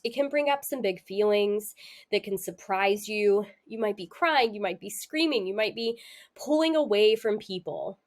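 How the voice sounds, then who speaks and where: A woman's voice: medium pitch, expressive, moderate pace. A young woman hosting a casual astrology talk, chatty and candid, laughing often and using many fillers. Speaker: astrology host. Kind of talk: casual spiritual talk to camera.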